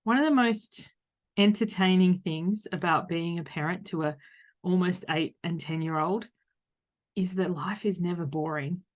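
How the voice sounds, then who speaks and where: A woman in her thirties with an Australian accent, hosting a solo podcast as a coach and talking loudly, frankly and conversationally. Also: on the low side, a little slow. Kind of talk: reflective solo podcast monologue.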